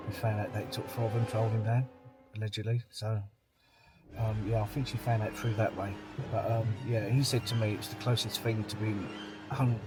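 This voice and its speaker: A man, talking to camera in a rambling, blunt, plain-spoken vlog monologue. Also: lowish voice. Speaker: vlogger.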